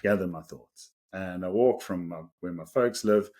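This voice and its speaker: A man's voice: deep voice, moderate pace. A South African man in his thirties, a podcast co-host telling a story casually, laughing often as he goes. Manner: animated, laughs through the story.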